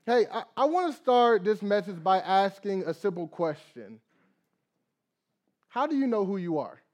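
A young man preaching a sermon as pastor, reading scripture, praying, and acting out little dialogues with lively energy. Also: high-pitched, unhurried. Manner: animated preaching with acted dialogue and prayer.

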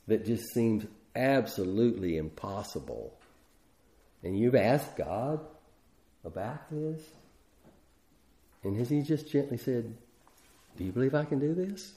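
A man's voice: mid-range voice, warm tone. A middle-aged man preaching a sermon in a conversational way, often restarting his sentences. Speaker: pastor.

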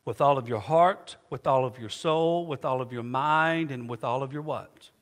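A man's voice: medium pitch, normal speed. A man preaching a sermon as pastor. He keeps asking the congregation to finish his sentences. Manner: call-and-response preaching, asks the congregation to fill in words. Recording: long hall reverb.

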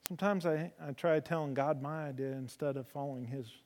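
A man preaching a sermon, spinning folksy stories with humor in a slightly high voice. He swings from loud emphasis down to soft, low lines. A long reverb trails his words as in a church hall. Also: fairly quick. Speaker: preacher in a horse ministry.

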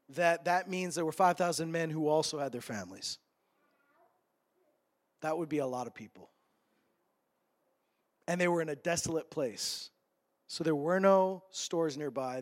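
A male pastor preaching a sermon, animated and playful, acting out characters for humor. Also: high-pitched. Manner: animated, acts out voices for humor.

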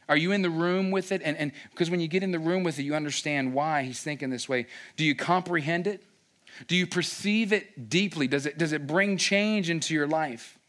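A man's voice: on the high side, a bit bright. A man preaching a sermon as pastor, often stopping to ask the congregation if they follow him. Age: young adult or middle-aged, has young kids. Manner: rhetorical check-ins with the congregation.

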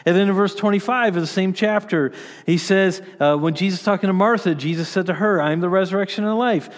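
A man preaching a sermon as pastor, earnest, stressing key lines and dropping to quiet asides. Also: sits high, fast talker, big-room sound.

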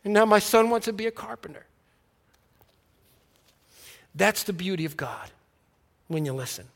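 A man preaching a sermon, telling his own story and acting out the dialogue, earnest and dropping soft on key words. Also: high voice, expressive, normal speed, creaky, big-room sound. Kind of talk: sermon with personal testimony.

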